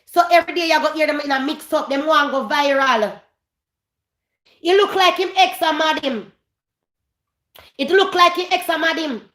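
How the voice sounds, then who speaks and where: High, bright Jamaican woman ranting. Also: moderate pace, long pauses, reverberant. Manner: emphatic, repeats phrases, slips into Patois. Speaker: vlogger host. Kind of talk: gossip commentary rant.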